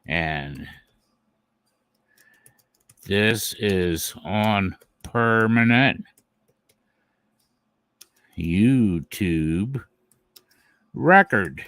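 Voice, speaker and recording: A man's voice: lowish voice, animated, slow, fairly bright tone, no echo. A man hosting a live stream, talking to his viewers in a taunting, mocking way and chuckling at his opponents. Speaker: channel host.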